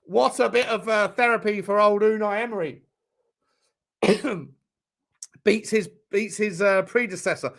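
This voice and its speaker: A man hosting a live football watchalong stream, reacting to the chat in an excitable, sweary way with bursts of laughter. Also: high-pitched, measured pace, creaky, pauses often.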